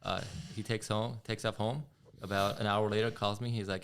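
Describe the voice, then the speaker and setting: A man's voice: fairly low pitch, level tone, normal speed, fairly bright tone, clear, resonant tone. A man talking as a podcast guest in a casual conversation, reflective and restarting his sentences often. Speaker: guest rider.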